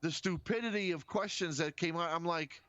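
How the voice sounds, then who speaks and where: A man co-hosting a casual podcast chat, talking in an animated, profane, rambling way full of restarts. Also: fairly high pitch, moderate pace, dry recording, lo-fi sound. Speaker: podcast co-host.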